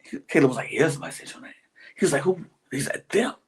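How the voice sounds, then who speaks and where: A podcast co-host recapping a reality show in casual chat, acting out the other people's lines, sometimes in whispers, with drawn-out colloquial exclamations. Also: medium pitch, big pitch swings.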